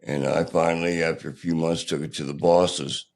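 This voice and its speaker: An older man, a podcast guest, telling his own story candidly in a plainspoken, halting, rough-edged way. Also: a bass voice, steady tone.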